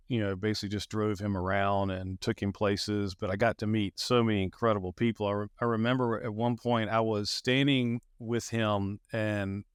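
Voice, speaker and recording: Middle-aged man, interview guest, low pitch, dry sound, earnest, halting storytelling. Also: clear, resonant tone, no echo. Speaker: guest, athlete and speaker.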